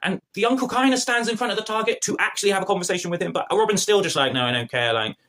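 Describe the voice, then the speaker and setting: A man's voice: high voice, rapid-fire, fairly bright tone. A man reviewing a TV episode to camera in an exasperated, sarcastic, slangy rant. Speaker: film and TV reviewer.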